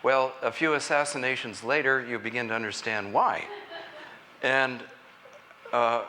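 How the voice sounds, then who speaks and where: A man addresses a conference audience in a college hall. His voice is bright and clear, with a faint hiss of room noise behind it. He speaks earnestly and deliberately, leaning on key phrases. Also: medium pitch, fairly even intonation. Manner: earnest and deliberate, with measured emphasis. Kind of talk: public lecture.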